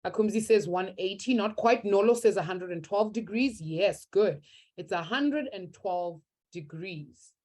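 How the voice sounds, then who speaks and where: A woman's voice: mid-range voice, measured pace, darkish tone. A young woman teaching a live online maths class, upbeat and encouraging as she reads out students' answers from the chat.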